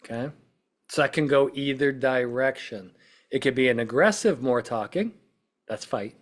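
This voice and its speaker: A man with a mid-range voice talks through his points in a loose, conversational podcast style. He keeps checking in with "right?" and "okay?", and now and then acts out quick snippets of what someone might say. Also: medium pitch. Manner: acts out quoted speech in short bursts. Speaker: podcast host, witness-prep consultant. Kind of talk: casual explanatory podcast talk.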